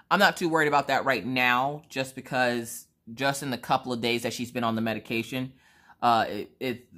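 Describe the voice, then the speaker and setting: A woman, chatting casually while she crafts and telling rambling, animated stories about her family. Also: rumbling low. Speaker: crafting vlogger.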